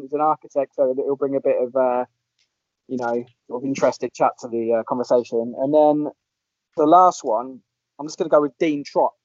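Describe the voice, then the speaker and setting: A man, chatting casually as a podcast host and telling animated anecdotes. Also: a little high, no room sound. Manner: lively storyteller, puts on voices in anecdotes. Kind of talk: casual chat. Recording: dull lo-fi sound.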